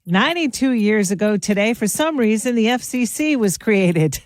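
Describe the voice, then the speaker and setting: A woman's voice: a little high, expressive, normal speed, no echo. Chatty woman radio host, dry studio sound. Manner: chatty, laughs at her own jokes. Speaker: radio morning show host. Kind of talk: upbeat radio show chat. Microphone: studio mic.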